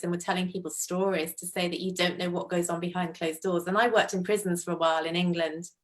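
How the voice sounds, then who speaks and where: A woman hosting a podcast, speaking in a reflective, thoughtful way. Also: fairly low pitch. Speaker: podcast host. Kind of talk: casual interview chat.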